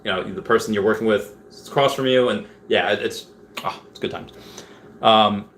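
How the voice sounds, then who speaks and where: A man's voice: on the low side, normal speed, a bit bright. A young man hosting a casual livestream from home, rambling as he reads viewer comments aloud. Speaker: livestream host. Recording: faint background noise.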